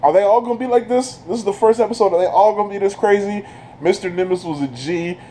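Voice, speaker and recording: A man giving an excited, casual recap as a video reviewer, breaking into laughter and breathless from it. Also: high-pitched, fast talker, a little hiss or hum, rough recording. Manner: keeps breaking into laughter while retelling.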